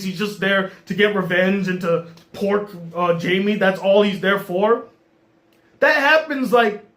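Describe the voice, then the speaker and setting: A man reviewing a movie in an exasperated, animated rant. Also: sits high. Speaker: movie critic.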